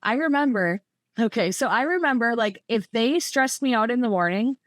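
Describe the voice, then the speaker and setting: A woman's voice: fairly high pitch, lively intonation, normal speed, no echo. A woman, talking casually as a podcast guest, rambling with lots of fillers. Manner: chatty, rambling, many fillers like "like" and "you know". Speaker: podcast guest, former coaching client. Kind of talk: casual conversational interview.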